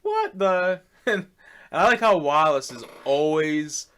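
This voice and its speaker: A man's voice: fairly high pitch, expressive, takes it slowly, a bit bright. A man co-hosting a podcast, chatting casually about movies and laughing often. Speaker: podcast co-host.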